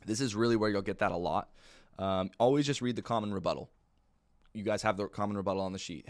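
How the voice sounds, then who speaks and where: A man teaching new sales agents how to work a phone script, in a chill, fairly monotone way, often checking in with "right?" and "okay?". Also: quick pace. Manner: calm, low-key delivery with frequent "right?" and "okay?". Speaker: sales trainer. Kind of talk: training talk on a phone script.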